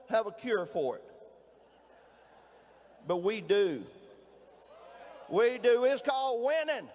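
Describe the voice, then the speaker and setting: A middle-aged man with a Southern Mississippi drawl works a crowd in a folksy, rousing rally speech, his voice pitched strikingly high as he shouts. The recording rings with long reverb from a big hall, and a faint noise sits underneath. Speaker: state governor speaking at a political rally.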